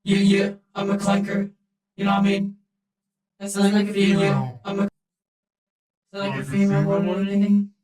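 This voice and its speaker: A man's voice: sits high, brisk, long pauses, roomy sound, voice pushed up, rough recording. A man speaking through a voice changer that turns him into a robotic, female-sounding AI voice. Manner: monotone robotic delivery.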